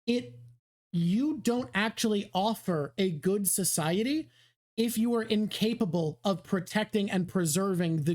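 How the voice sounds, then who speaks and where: A woman's voice: on the low side, a little mellow. A woman co-hosting a casual chat, earnestly talking through her ideas. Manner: earnest, talks things through. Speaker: co-host.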